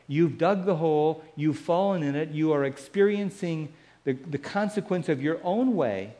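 A man preaching a sermon, slow and measured, letting key phrases fall soft and quiet. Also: a little high.

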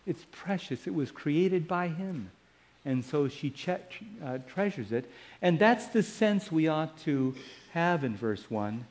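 A man preaching a sermon, slow and measured, letting key phrases fall soft and quiet. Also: fairly high pitch, animated.

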